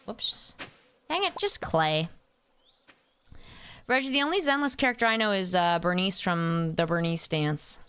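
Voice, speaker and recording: A young woman plays a game on stream, chatting casually, getting sidetracked, and addressing chatters by name while humming playful nonsense sounds. Her voice is fairly low yet a bit bright, clear and resonant, with lively intonation, a measured pace, and frequent pauses.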